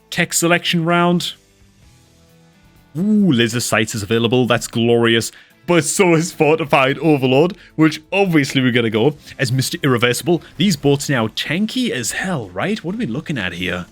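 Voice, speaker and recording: Excitable man casting a strategy game. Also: medium pitch. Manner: excitable, exclaims often, calls viewers dude and man. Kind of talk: excitable gameplay commentary.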